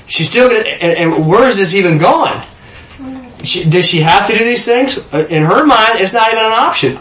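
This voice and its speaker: A man's voice: high voice, normal speed, a bit bright, echoey room. A man leading an informal Bible study, asking the group questions and often repeating words as he thinks.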